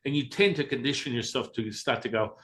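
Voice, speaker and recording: A Taoist teacher, interviewed as a guest, speaks fairly quickly in a mid-range, fairly bright voice. He's candid and blunt, swearing casually and acting out voices as he tells his stories. There's a slight hiss or hum in the background.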